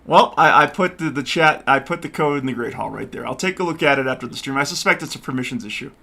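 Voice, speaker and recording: Loud gravelly streamer man. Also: medium pitch, fast. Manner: loud and lively, says so himself. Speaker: streamer hosting a co-op game session. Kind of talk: casual live-stream chat.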